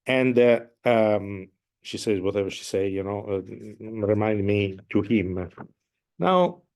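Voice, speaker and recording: Slow, hesitant man explaining opera. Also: on the low side, darkish tone. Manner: hesitant, many fillers, sings and hums musical phrases. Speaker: opera conductor teaching a masterclass. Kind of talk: masterclass explanation.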